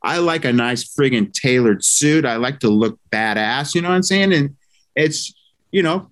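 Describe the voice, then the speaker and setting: Loud-mouthed guy on a chat show, brash and punchy, mid pitch, cusses casually. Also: animated, normal speed. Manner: brash and emphatic, swears casually. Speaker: guest chiropractor.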